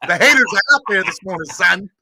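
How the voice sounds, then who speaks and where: This sports podcast host has a high, creaky, husky voice and talks a little fast. Throughout the casual livestream he stays energetic, drops slang freely, and begs his viewers to like the stream.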